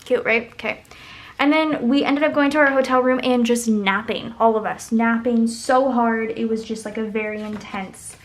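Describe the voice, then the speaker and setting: A woman's voice: on the high side, fairly even intonation, moderate pace. A young woman, chatting and rambling through a story while decorating her planner, filling it with "like". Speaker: planner vlogger.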